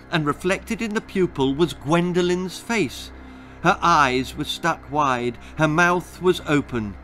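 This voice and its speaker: A middle-aged man narrating his own children's story in an expressive, dramatic way. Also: on the high side.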